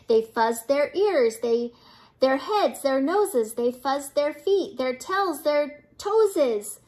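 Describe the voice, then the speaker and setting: High, slow-reading older woman. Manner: lively, playful voices for the animals. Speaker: grandmother reading aloud. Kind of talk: children's picture book read-aloud.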